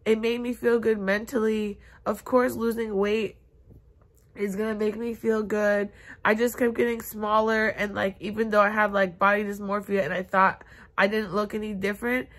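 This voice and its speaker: A young woman in her twenties vlogging from bed, upset and near tears, talking haltingly with many fillers. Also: mid-range voice, little pitch movement. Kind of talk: confessional vlog. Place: bedroom, in bed.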